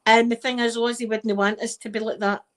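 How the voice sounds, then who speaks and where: A middle-aged Scottish woman in soft-spoken casual chat, rambling warmly as an ASMR host. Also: on the high side, level tone, a little fast. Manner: chatty and rambling, with frequent wee and laughter.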